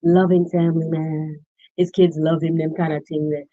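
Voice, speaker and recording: Animated woman giving casual reaction commentary. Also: low voice, moderate pace, no echo. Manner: animated, exclaiming, acts out quoted reactions. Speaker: political commentary host. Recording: slightly dull, lo-fi sound.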